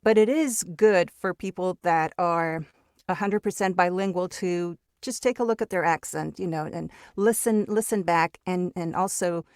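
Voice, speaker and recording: This is a woman with a lowish voice whose first language is Spanish, talking easily as a guest in an interview. She restarts her sentences and repeats words as she goes. The sound is dry and close, with no room around it. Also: moderate pace, a little mellow, dry recording. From Mexico. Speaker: guest voice actor. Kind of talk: casual interview chat.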